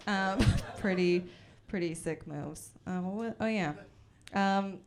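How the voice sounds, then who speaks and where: A woman's voice: fairly low pitch, slow. A young woman from Calgary doing a self-deprecating, rambling stand-up set at a house party. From Calgary, Canada. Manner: self-deprecating, rambling, full of fillers and giggles. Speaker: stand-up comic.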